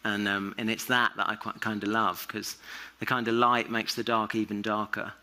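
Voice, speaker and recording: A man's voice: fairly low pitch, flat delivery, normal speed, sharp tone. A man, an author speaking as a guest on a festival stage, talking in a loose, rambling way with many fillers and restarts. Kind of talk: onstage conversation.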